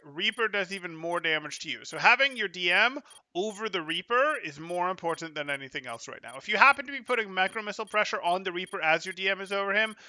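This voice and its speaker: High-voiced bright male game coach. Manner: brisk, emphatic, repeats key points. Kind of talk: live gameplay coaching commentary.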